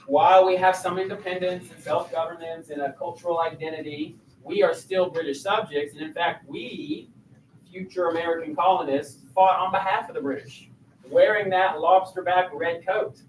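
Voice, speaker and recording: A man's voice: sits high, steady tone, moderate pace, recorded from a distance, slight background noise. Man teaching a class, heard from across an echoey room. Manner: conversational, asks the class questions. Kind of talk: classroom lecture.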